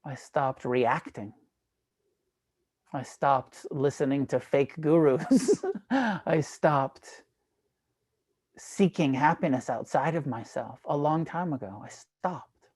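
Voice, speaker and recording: Man doing the Buddha in a spoken story: calm, serene, soft and steady, no strain. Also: fairly high pitch, takes it slowly, long pauses, husky, full character voice.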